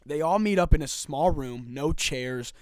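A man's voice: on the high side, expressive, unhurried, a little mellow, dry recording. A man co-hosting a casual faith podcast, telling a story emphatically with repetition and swings in intensity.

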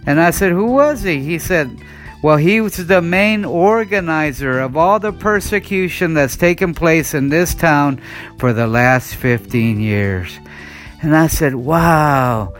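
A man's voice: on the high side, expressive, unhurried. A man from the United States preaching a sermon, telling a personal testimony in an earnest storytelling way with many "and, uh" restarts. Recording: faint guitar music behind.

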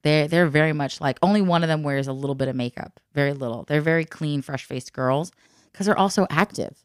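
A woman with a notably low voice chats and tells stories with plenty of laughter, acting out everyone she quotes. Her sound is dry and close, with no room around it. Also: fairly quick, clean tone, dry recording. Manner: chatty storyteller, laughs often, acts out quotes. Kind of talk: casual chat.

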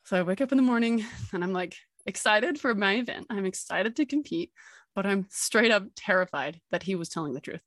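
Woman, podcast host, personal storytelling, excitable, laughs a lot, dry sound. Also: medium pitch, a little fast, dry recording. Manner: excitable, laughing often, acting out dialogue.

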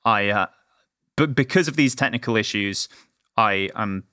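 A man's voice: on the low side, moderate pace, sharp tone, dry recording, studio quality. A man chatting casually about a game, rambling with many fillers and restarts. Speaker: game reviewer. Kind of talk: casual chat.

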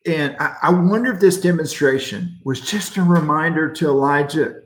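Folksy middle-aged pastor, echoey room. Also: male voice, fairly high pitch, lively intonation, moderate pace. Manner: folksy, joking, reading viewer comments. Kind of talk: casual midweek devotional teaching.

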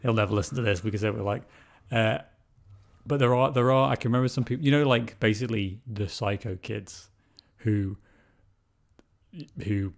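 A man's voice: lowish voice, moderate pace, creaky, pauses often. A man co-hosting a podcast, talking casually about a film, repeating words and swearing freely. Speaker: podcast co-host.

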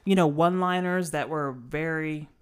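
A woman's voice: sits low, normal speed, smooth. A woman from Cuba co-hosting a podcast, chatting casually in a rambling way full of "you know". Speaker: podcast co-host. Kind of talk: casual chat.

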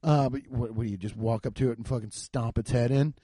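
A young man hosting a casual solo podcast, rambling and swearing, swinging from muttering to loud outbursts. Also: medium pitch, fast talker, breathy edge, no echo. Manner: loose, profane, rambling with frequent swearing; animated, jumps between muttering and loud outbursts. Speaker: podcast host. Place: home garage.

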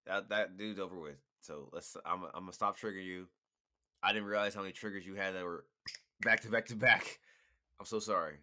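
Young man, tipsy, very deep voice, edgy bright tone, slangy, teasing. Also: steady tone, fast talker. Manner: laid-back slang, teasing and apologetic. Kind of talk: casual chat.

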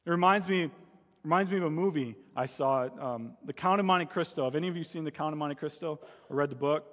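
Male pastor, a little high-pitched, storytelling sermon with dramatic voiced pleas, big reverberant hall. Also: a little fast, fairly bright tone. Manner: storytelling, rising to dramatic cries in quoted pleas.

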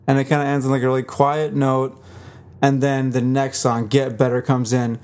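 Man, casual podcast chat, enthusiastic, mid-pitched voice. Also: flat delivery, normal speed, a little mellow. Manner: enthusiastic, sings lyrics aloud. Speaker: podcast co-host. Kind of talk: casual album review chat.

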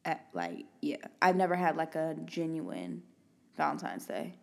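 A young woman chats casually on a podcast, trading slangy banter and laughing often. Her voice sits a little low for a woman. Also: big pitch swings, measured pace, gravelly, a little mellow. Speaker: podcast co-host.

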